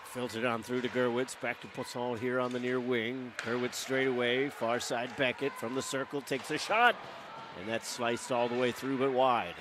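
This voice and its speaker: A man calling live hockey play-by-play as the game's announcer, brisk and rising to shouts on big plays. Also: mid-range voice, steady tone, background noise. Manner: brisk, running call of the action that climbs to shouts.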